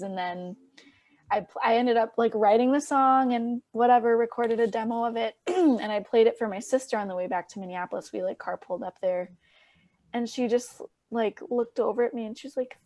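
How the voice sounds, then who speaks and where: A young woman musician talks through her songs in a relaxed interview. Her voice sits a bit high, she laughs a lot, and she slips into a higher, playful voice whenever she quotes someone. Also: moderate pace, dry recording. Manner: chatty, laughs often, acts out quotes in a high voice. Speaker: musician guest. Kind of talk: casual interview chat.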